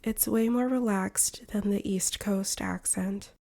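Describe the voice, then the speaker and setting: Slow, careful American woman teacher. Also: medium pitch, fairly even intonation, dark tone. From United States. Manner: slow, careful, clearly separated phrases. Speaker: English teacher. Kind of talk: slow shadowing practice narration.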